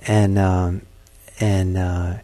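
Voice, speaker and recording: A man, a meditation teacher, giving a dharma talk and telling a fable in a gentle, halting way. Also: sits low, flat delivery.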